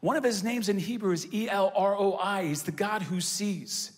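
A man's voice: high-pitched, moderate pace. A man preaching a sermon to a large congregation, using call-and-response and repeated emphatic phrases. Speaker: pastor. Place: large church hall with congregation. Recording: hall reverb from a large venue.

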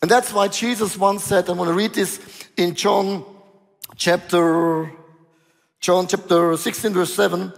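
A male pastor preaching a sermon, telling stories in an animated way with dramatic pauses. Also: sits high, vocal fry, long reverb tail.

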